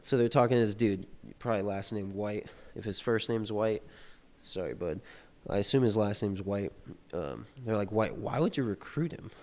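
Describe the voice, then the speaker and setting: A man's voice: fairly low pitch, normal speed, darkish tone. A young man reading a novel aloud and riffing on it in loose, slangy, rambling commentary. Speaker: book reader and commentator. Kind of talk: casual book read-through with commentary.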